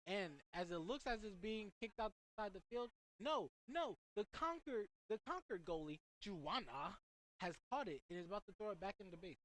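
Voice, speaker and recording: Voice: medium pitch, lively intonation, normal speed, a bit bright, no echo, rough recording. Chatty young play-by-play commentator. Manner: chatty and rambling, with joking asides. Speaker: student sports commentator.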